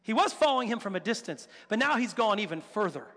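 A man preaching a sermon, telling the story with animated, acted-out quotes and rhetorical questions. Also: high voice, fast. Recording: long hall reverb.

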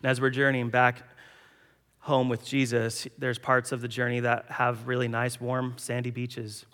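A man's voice: medium pitch, monotone, unhurried, a bit bright, long reverb tail. A man preaching a sermon, telling a story and acting out the voices in it. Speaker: pastor.

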